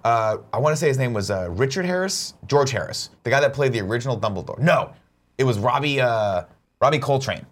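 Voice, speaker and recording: A man's voice: medium pitch, expressive, brisk. A man co-hosting a talk show, chatting casually in a rambling, irreverent way and swearing freely. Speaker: show co-host. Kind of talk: casual chat.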